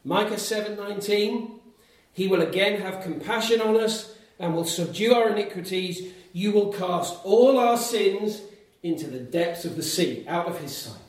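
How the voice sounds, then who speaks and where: A high-pitched man preaches a sermon to a congregation in a church hall at a moderate pace, making emphatic numbered points and posing rhetorical questions. The mic is distant and the hall very echoey.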